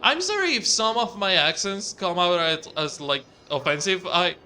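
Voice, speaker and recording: High, bright-voiced gaming host. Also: male voice, animated, normal speed, a little hiss or hum. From outside the US. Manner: rambling, swears often, restarts. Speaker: let's play host. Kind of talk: casual gameplay commentary.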